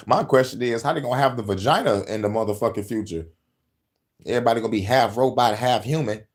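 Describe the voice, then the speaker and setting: A man hosting a podcast, delivering profane, animated conspiracy commentary and laughing often. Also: mid-range voice, moderate pace, long pauses. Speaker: podcast host.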